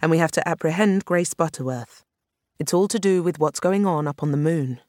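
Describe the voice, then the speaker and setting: A man's voice: a little high, fairly quick, darkish tone, no echo, close to an everyday voice. A reader playing a tired fifty-ish police commander, grave and matter-of-fact. He delivers bad news plainly. The sound is dry and close. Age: 50s. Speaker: police superintendent.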